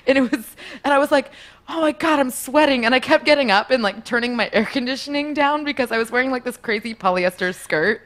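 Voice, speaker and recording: In a casual chat, a young woman shares a story at a quick pace; she's lively, laughs a lot, and raises her voice higher whenever she acts out what someone said.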